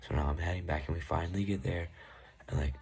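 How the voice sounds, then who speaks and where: A man's voice: low-pitched, fairly even intonation, fast, vocal fry, a little mellow, a little hiss or hum. A young man telling a casual, profane storytime about an ex, rambling and exasperated. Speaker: vlogger.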